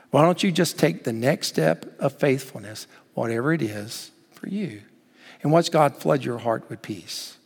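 A man preaching a sermon as pastor, urging his listeners on and telling a story in lively acted quotes. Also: mid-range voice, a little slow, creaky, breathy edge. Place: church sanctuary. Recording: long hall reverb.

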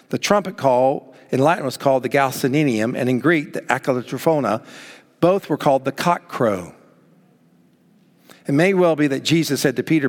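Male pastor, sermon, dramatic retelling, mid pitch, long hall reverb. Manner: dramatic, acts out scripture quotes.

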